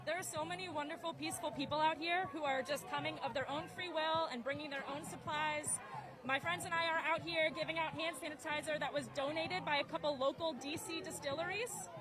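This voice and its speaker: A woman's voice: high voice, steady tone, fairly quick. A woman volunteer speaking live at a street protest, cheerful and speaking up over the noise. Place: outdoor city street protest. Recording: live outdoor stream with crowd and music. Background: crowd and music.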